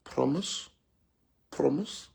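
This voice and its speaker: A man voicing an angry, betrayed young wife with shrill, exaggerated outrage. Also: very animated, a little slow, creaky, darkish tone, slightly rough, full character voice. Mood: coaxed.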